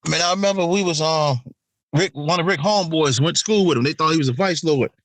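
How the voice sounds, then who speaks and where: A man from Chicago on a podcast, telling lively, profane stories in casual chat. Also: a little high, quick pace, no echo. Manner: lively, profane storytelling with acted quotes. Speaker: podcast co-host.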